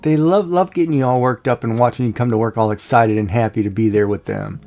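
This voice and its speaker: A man's voice: mid-range voice, fast, a little mellow, soft background music. A man hosting a livestream, chatting casually and jokingly with viewers. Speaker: livestream host.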